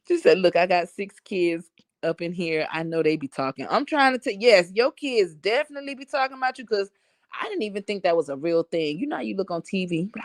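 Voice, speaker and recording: With a mid-range voice captured on a phone with no echo, a Harlem woman hosts a casual livestream, reading chat comments, speaking bluntly and laughing and joking often. Her New York accent has a touch of Southern drawl.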